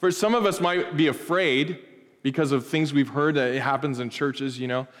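A middle-aged man preaching a conversational sermon in a church, moving between quiet reflection and loud animated bursts. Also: mid-range voice, moderate pace. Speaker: pastor. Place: church sanctuary. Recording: long hall reverb.

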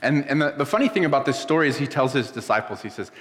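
A pastor giving a casual, emotional sermon, telling the story loosely and dropping soft when moved. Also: male voice, medium pitch, animated, fast, hardly any pauses. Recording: long hall reverb.

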